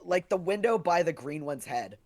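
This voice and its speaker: A player in a tabletop game, reacting with animated comments and laughter. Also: medium pitch, moderate pace. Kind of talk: casual tabletop game play.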